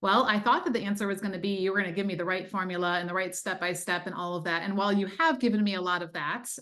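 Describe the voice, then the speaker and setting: A woman's voice: mid-range voice, quick pace, bright, forceful tone. A woman who works as a time management coach, talking earnestly and conversationally as a guest in an interview, with many fillers. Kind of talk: testimonial interview.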